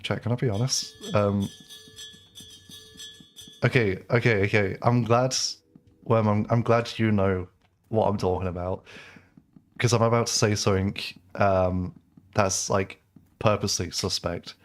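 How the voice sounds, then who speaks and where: Speaking on the low side in a steady, slightly slow voice with long pauses, this English game streamer talks casually to his live audience while playing. He comes from England and rambles, leaning on fillers and frequent restarts.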